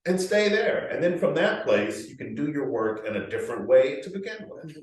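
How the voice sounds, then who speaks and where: A male actor being interviewed, telling frank, animated stories and swearing freely. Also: mid-range voice, brisk. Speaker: actor guest. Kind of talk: candid interview storytelling. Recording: echoey room, mic far off.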